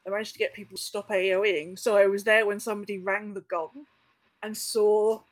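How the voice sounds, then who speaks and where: A woman's voice: medium pitch, level tone, a little fast. A woman in casual chat, telling a long story with many fillers and restarts. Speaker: podcast guest.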